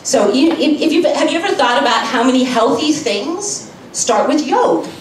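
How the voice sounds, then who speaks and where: A woman's voice: sits high, expressive, moderate pace, a little hiss or hum. A woman doing a stand-up comedy set, chatty and rambling with plenty of fillers. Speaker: stand-up comic. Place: cafe stage, live comedy set. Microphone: far camera. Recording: echoey room from far off.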